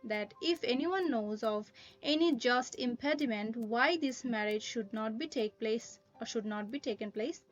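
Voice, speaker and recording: A woman lecturing on a poem in a careful, explanatory way, often pausing with "uh" as she works through her points. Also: on the high side, lo-fi sound. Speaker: literature teacher. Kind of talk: recorded poetry lesson.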